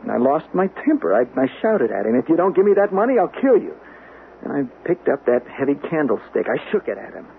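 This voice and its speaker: A stammering, desperate young suspect. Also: male voice, medium pitch, gravelly. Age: 20s. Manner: hesitant, stammering. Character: desperate, defensive young man under suspicion. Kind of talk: 1970s radio drama acting. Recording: tinny old radio broadcast with faint hiss.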